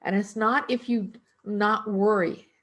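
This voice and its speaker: In a steady, fairly bright mid-range voice, a middle-aged energy worker talks casually about spiritual matters. She goes slowly and reflectively, asking her listeners rhetorical questions in a conversational way.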